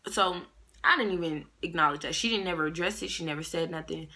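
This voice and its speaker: A young woman tells a long storytime straight to camera, loose and slangy. Her voice is bright and a little low-pitched, and she jumps up into sharper voices when she quotes people. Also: fast. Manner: animated, slangy, acts out quotes in raised voices. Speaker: vlogger. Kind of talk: casual storytime monologue.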